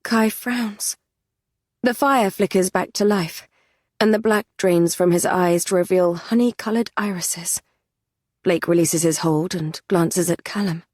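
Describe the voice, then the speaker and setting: A woman narrating a fantasy audiobook in the first person, measured and even. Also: lowish voice, no room sound, studio quality.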